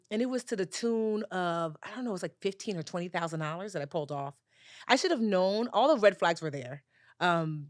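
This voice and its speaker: A woman, a personal finance educator, telling a story as a podcast guest and acting out the dialogue with lively jumps in her voice. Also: dry recording, studio quality. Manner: animated storyteller, acts out dialogue with big pitch jumps. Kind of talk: storytelling in a conversational interview.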